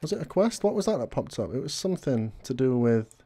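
A man's voice: medium pitch, very animated, a little fast, dark tone, breathy edge. A man casually commenting while playing a video game, rambling and easygoing with many fillers. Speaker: gaming video host. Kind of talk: casual let's play commentary.

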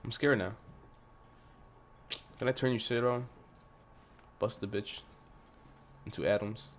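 A man's voice: mid-range voice, slow, slight background noise. A man giving loose, profane commentary as he plays a horror game, jumping at scares and talking back to what he sees on screen. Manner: profane, jumpy reactions, talks back to the game. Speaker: gameplay commentator. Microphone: headphones on, desk mic.

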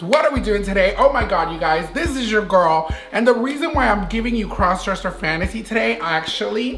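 A man's voice: sits high, sharp tone. A man vlogging about makeup in a campy, sassy way, calling everyone "honey". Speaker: beauty vlogger. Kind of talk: casual chat. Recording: roomy echo.

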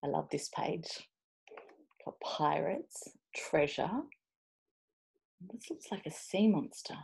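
A woman reading a children's picture book aloud over a video call, expressive and playful, slipping into whispers and little asides. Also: low voice, slow, creaky, slightly rough. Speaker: children's storybook reader.

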